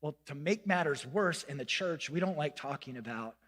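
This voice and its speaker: Male pastor, lively self-mocking storyteller, high bright voice, church sermon. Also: moderate pace, big-room sound. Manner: animated, self-mocking storyteller acting out quotes. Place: church sanctuary.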